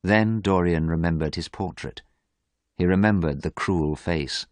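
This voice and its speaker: A man reading a story aloud for English learners, slowly and clearly in simple storytelling. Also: low-pitched, dry recording. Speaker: narrator.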